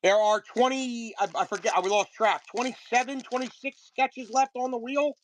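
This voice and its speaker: A live-stream host selling card breaks, chatting casually and greeting viewers by name, with a voice that is getting a little hoarse. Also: medium pitch, steady tone, normal speed, slight background noise, rough recording.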